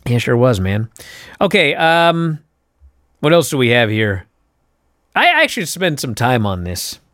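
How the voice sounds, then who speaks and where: A man co-hosting a casual wrestling podcast, telling a story and acting out the quotes with lively swings. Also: medium pitch, unhurried, no room sound, studio quality. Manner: animated storytelling, acts out quotes. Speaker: podcast co-host.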